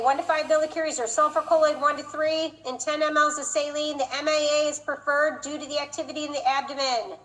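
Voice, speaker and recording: A woman with a high voice lectures a class. She moves quickly from explanation to playful teasing of her students. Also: a bit bright, poor audio. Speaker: instructor.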